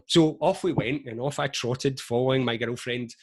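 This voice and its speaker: A man in his forties, a motivational speaker, telling stories to camera on a video call in a chatty, lively way full of asides. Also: medium pitch, moderate pace, slightly rough. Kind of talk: energetic motivational talk to camera.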